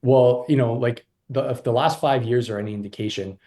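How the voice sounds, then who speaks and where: A man talking as a podcast guest, animated and rambling with frequent restarts. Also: mid-range voice, a little fast. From Canada. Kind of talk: casual interview chat.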